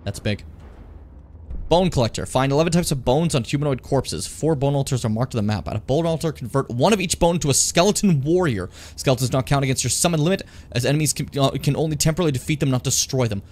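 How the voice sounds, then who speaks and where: A man with a medium-pitched voice speaks quickly while streaming a fantasy role-playing game. He's animated and jokey, chatting with his viewers and talking to chat as he offers casual commentary on his gameplay.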